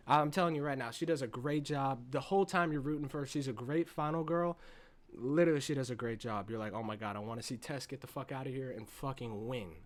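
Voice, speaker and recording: A man giving a casual, excited movie review, profane and swinging between loud bursts and hushed asides. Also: a little high.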